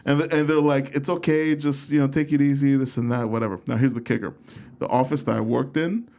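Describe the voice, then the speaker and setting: A man's voice: medium pitch, fairly even intonation, brisk, warm tone. A young man, a comedian guest, telling stories in a casual, profane, self-mocking way. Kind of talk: casual storytelling.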